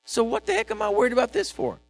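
Fired-up male preacher, high voice, repeats himself, big swings in volume, dry recording. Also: quick pace, vocal fry, no echo. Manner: animated, repetitive, swings from shouting to quiet asides. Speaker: pastor. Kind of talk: sermon.

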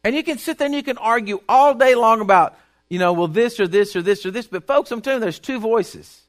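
A man's voice: high-pitched, lively intonation, a little fast. A man preaching a sermon in an emphatic, folksy way, repeating his points and reading Bible verses aloud.

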